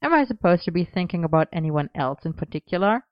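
A cheeky, teasing young man, voiced by a woman. He sounds smooth and a touch raised in pitch, playful in every line. The recording is dry and slightly dull. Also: sing-song, quick pace, no echo.

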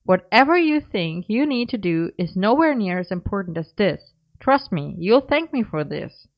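A woman's voice: mid-range voice, sing-song, moderate pace, pitched above the performer's own voice. Woman doing a cheeky young wizard. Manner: bright, insistent, playfully bossy. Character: cheeky young male wizard, teasing and excitable. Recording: dull lo-fi recording.

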